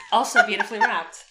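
A woman's voice: medium pitch, echoey room. A woman podcast co-host in casual chat, emotional and teary, laughing through sobs.

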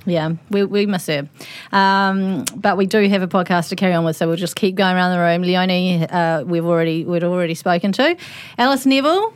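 A woman hosting a casual group podcast in a studio full of guests, bubbly and quick to laugh. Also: lowish voice, clear, resonant tone, dry recording. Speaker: podcast host.

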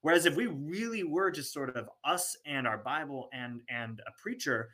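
Bright-voiced man in casual chat. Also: fairly high pitch, expressive, normal speed. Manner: earnest, thoughtful, many restarts. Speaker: podcast co-host. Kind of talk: casual conversation.

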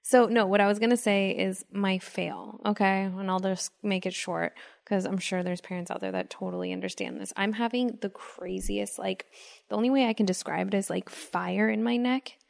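A woman co-hosts a casual podcast, chatty and full of quick asides. Her mid-pitched voice carries a gravelly vocal fry. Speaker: podcast co-host. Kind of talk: casual chat.

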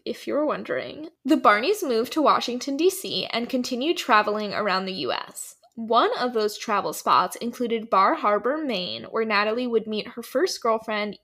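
A woman's voice: fairly high pitch, pushed and bright. A woman co-hosting a podcast, telling a story in casual chat, laughing often and filling with "like". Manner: chatty, laughs often, many "like" fillers.

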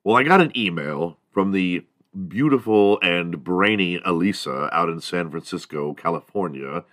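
A man with a low voice hosts a comedy podcast, rambling and cursing with hyped energy. The recording is dry and close, with no room echo. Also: animated, moderate pace, fairly bright tone. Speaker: podcast host. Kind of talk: casual comedy podcast monologue.

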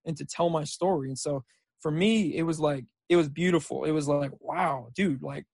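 A young man talking on a podcast in a relaxed, rambling way, dropping "dude" and "like" as he tells his stories. His voice sits somewhat high for a man. The recording is dry and close. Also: brisk, no room sound. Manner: laid-back, rambling storyteller saying "dude" and "like". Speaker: podcast guest, junior college football player. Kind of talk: casual chat.

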